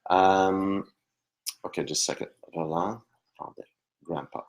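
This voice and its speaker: A man's voice: low voice, steady tone, measured pace. A man working as a psychic medium during a live online reading, hesitant and apologetic, laughing often and trailing off into murmurs. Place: at home at a computer.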